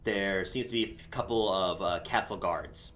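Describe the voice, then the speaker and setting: A man narrating as game master of a tabletop role-playing game, in a relaxed, rambling way with many fillers. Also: sits low, moderate pace, faint music behind.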